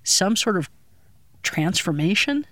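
A middle-aged woman from Colorado recounting her past as an interviewee, a lively storyteller who acts out the voices she quotes. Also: mid-range voice, takes it slowly, dry recording.

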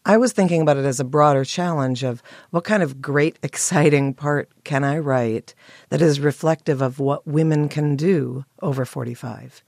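A woman playwright, hoarse with morning voice, clearing her throat and answering interview questions thoughtfully with pauses and restarts. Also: low-pitched, a little mellow, no echo, clean studio sound. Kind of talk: interview guest.

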